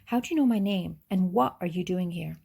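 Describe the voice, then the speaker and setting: A woman's voice: on the low side, fairly quick, creaky, mellow, slightly rough. A woman voicing a stubborn young girl who fires off raised, pressing questions. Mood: indignant.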